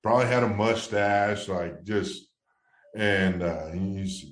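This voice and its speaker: A man with a very low voice tells a long story in an echoey room. He rambles and restarts often. He speaks casually, as a guest in a relaxed interview. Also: slow, pauses often. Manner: rambling, many restarts, low-key then excited. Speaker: former baseball player, guest.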